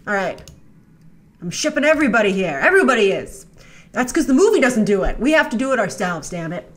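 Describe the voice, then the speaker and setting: A woman's voice: a little high, sing-song, brisk. A woman hosting a casual trailer breakdown, chatty and sarcastic, now and then mocking the characters in made-up voices. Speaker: host.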